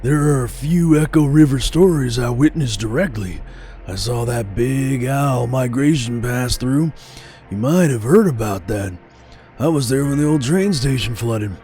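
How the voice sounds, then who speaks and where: A man's voice: medium pitch, measured pace, dark tone, faint music behind, voice pushed up, natural voice. A man voicing a male riverboat worker who tells old river stories, reading game narration aloud. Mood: musing. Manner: reflective storytelling, reading aloud.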